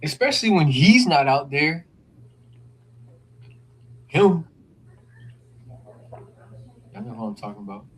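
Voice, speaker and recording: A man's voice: a little high, sing-song, moderate pace, crowd noise, rough recording. A man co-hosting a podcast, talking loose and slangy in joking sports banter. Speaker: podcast co-host. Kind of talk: casual sports chat.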